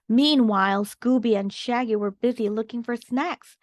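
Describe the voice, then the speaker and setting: A woman's voice: fairly high pitch, no room sound, studio quality. A woman reading a children's storybook aloud as the narrator. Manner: slow and clear. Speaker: storybook reader.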